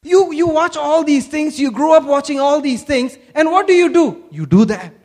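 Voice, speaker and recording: A man's voice: extremely high pitch, lively intonation, moderate pace, darkish tone. A man from Kerala, India, preaching a sermon and asking the congregation questions. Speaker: pastor.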